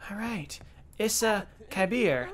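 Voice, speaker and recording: A man's voice: sits high, lively intonation, takes it slowly, a crowd in the background. A man giving casual let's-play commentary, chatty and self-mocking, talking to the game's characters. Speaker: gaming YouTuber.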